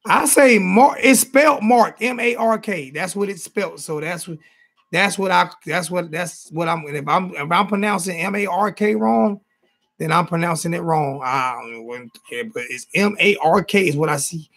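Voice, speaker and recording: Southern guy running a call-in show, kinda high raspy voice, keeps repeating himself. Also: normal speed, fairly bright tone. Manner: loose, repetitive, stumbling restarts. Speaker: host of a fan call-in show. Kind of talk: casual call-in chat.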